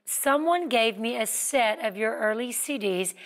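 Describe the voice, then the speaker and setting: A woman with a fairly high voice co-hosts a TV talk show. She reads out a viewer's email, then reflects on it in an easy, conversational way. Her turns invite her co-host to pick up the thread. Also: animated, a little slow.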